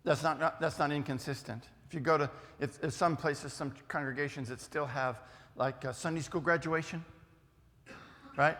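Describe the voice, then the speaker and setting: An older man teaching a youth group in a church hall, folksy and teasing, with lively asides to the audience. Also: on the high side, moderate pace. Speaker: youth speaker. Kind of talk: lively classroom lesson. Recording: long reverb of a hall.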